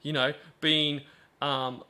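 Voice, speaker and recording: A man's voice: fairly high pitch, flat delivery, slow, sharp tone. A man hosts a stream and comments on played calls in a sarcastic, chatty way with many fillers. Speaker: stream host.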